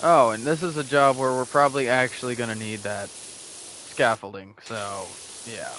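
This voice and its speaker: A man's voice: mid-range voice, fairly even intonation, moderate pace, a bit bright, slight background noise. A young man giving casual, rambling and profane commentary while playing a video game. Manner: rambling, joking, profane, laughs at his own bits. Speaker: gameplay streamer.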